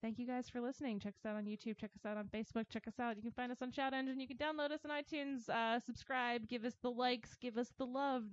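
A young adult woman hosting a casual podcast, bubbly and quick to laugh, thanking sponsors and guests. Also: fairly high pitch, fairly even intonation, smooth, dull audio. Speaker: podcast host.

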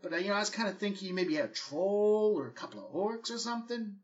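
Man plays a boastful, crude male mercenary, pitched a bit high, on a dull lo-fi track. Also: expressive, fast talker, distant mic. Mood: unimpressed. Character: crude, cocky male mercenary, always flirting. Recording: dull lo-fi recording.

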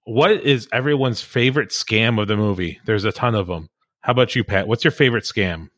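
Guy hosting a movie podcast, lowish voice, upbeat, asks everyone questions. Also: fairly quick, a bit bright. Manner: upbeat, quizzing guests. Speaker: podcast host. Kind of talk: casual chat.

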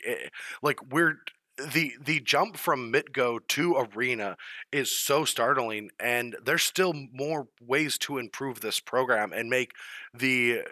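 A man's voice: mid-range voice, bright, forceful tone, dry recording. A man co-hosting a casual gaming podcast, talking loosely with many fillers and restarts. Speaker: podcast co-host, pro card player. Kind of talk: casual panel chat.

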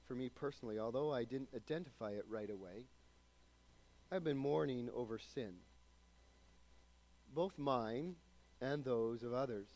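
A man preaching a sermon, swinging from loud, raised emphasis down to quiet, hushed passages. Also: mid-range voice. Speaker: pastor.

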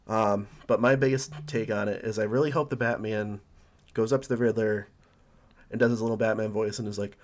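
Low-voiced man chatting casually. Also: steady tone, fairly quick. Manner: hesitant, filler-heavy, enthusiastic. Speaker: podcast co-host. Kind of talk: casual chat.

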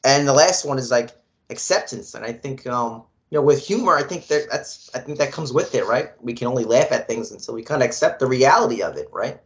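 A man's voice: medium pitch, lively intonation, a little fast. A man co-hosting a podcast, loosely explaining an idea to listeners with lots of fillers. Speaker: podcast co-host. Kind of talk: casual podcast chat.

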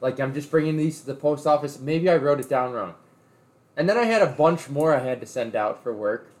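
A man's voice: on the high side, lively intonation, brisk, darkish tone. A man in casual chat, telling a long story with rambling restarts.

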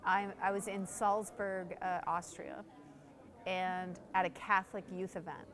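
A woman pastor in casual conversation, telling a story with lively energy and acting out the voices of the people in it. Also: lowish voice, a little slow, a crowd in the background. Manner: lively, acts out quoted voices, frequent fillers. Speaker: pastor and guest speaker.

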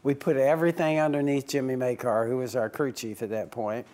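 With a flat, fairly quick delivery, this man speaks in a mid-range voice that's slightly mellow. He comes across as a team owner who chuckles while recounting stories and plays every part in remembered exchanges.

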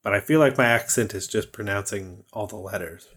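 A man's voice: on the low side, a little fast, a bit bright, breathy edge. A man with a Californian American accent, co-hosting a tabletop gaming podcast in loose, jokey casual chat with frequent laughs. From United States. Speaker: podcast co-host, dungeon master.

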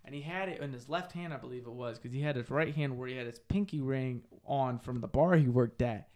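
A man's voice: mid-range voice, a little fast, darkish tone. A young man co-hosting a podcast, chatting casually and telling profane, rambling stories. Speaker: podcast co-host.

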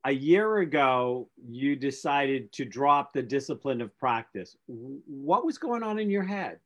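A man co-hosting a casual interview who jokes along and asks questions with halting restarts. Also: mid-range voice, expressive, fairly bright tone. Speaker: podcast co-host.

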